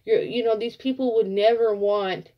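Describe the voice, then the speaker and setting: A woman giving a casual tarot reading, blunt and profane, telling it like an animated story. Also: a little high, normal speed, lo-fi sound. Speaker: tarot reader.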